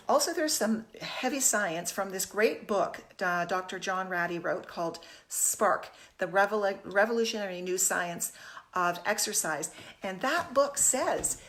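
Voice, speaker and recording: A woman's voice: medium pitch, expressive, unhurried, a bit bright. Upbeat woman hosting a live kitchen stream. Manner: upbeat, chatty, greets viewers. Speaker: fitness host. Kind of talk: live-streamed casual chat. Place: home kitchen. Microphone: phone camera.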